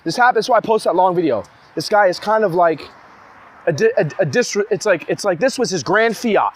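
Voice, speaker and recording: A man's voice: sits high, animated, fairly quick, a little hiss or hum. A young man in a heated, rambling monologue, speaking in an agitated way full of restarts. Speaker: vlogger ranting to camera.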